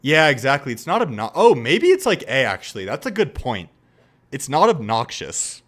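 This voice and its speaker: A young man streaming, reacting in casual commentary, animated, laughing and swearing as he mocks gamer voices. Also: mid-range voice, normal speed.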